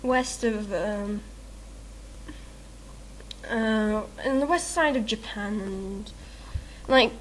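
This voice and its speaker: A woman's voice: mid-range voice, drawn-out words, pauses often, a little hiss or hum. A woman rambling through a questionnaire in casual chat, giggly and self-mocking, with lots of ums and uhs. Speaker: video maker answering a meme questionnaire.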